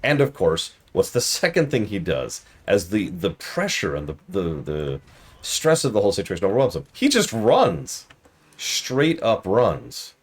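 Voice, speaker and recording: A man's voice: low voice, very animated, moderate pace, slightly rough. A man streaming a game review in casual commentary, easily exasperated and ranting at the game while chatting with viewers.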